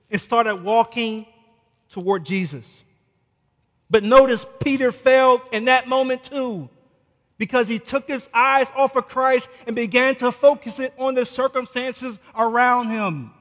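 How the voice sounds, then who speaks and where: High-pitched guy preaching a sermon, goes big and loud then drops real quiet, long echo in a hall. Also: measured pace. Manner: dramatic, swings from loud declarations to hushed asides. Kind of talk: expository sermon on scripture.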